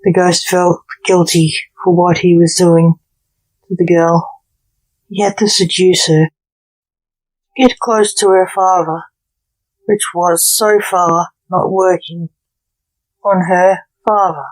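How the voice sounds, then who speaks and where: Slow-reading woman storyteller. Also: fairly low pitch, steady tone, rough recording. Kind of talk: story narration.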